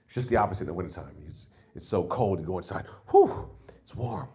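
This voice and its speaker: Brief: forties New comic, low voice with big swings in pitch, loose and self-mocking. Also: male voice, expressive, fast. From New York. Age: 40s. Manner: rambling and self-mocking, with loud jumps into put-on exclamations. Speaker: stand-up comedian. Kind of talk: stand-up set.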